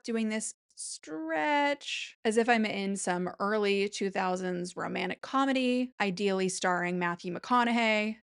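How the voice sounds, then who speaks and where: A woman hosting a casual commentary, her voice sitting at an ordinary middle pitch. She talks in a chatty, exasperated way and leans on words with bursts of mock-dramatic emphasis. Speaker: commentary host.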